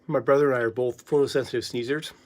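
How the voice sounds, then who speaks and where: A vlogger talking in a loose, rambling monologue, swearing freely and sometimes dropping into soft whispers. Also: mid-range voice, fairly even intonation, fast talker.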